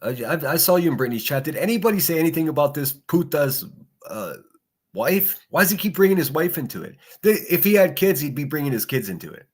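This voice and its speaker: A man's voice: on the high side, big pitch swings, fast, husky. A man hosting a solo livestream podcast, reacting to clips with mocking, profane sarcasm. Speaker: podcast host.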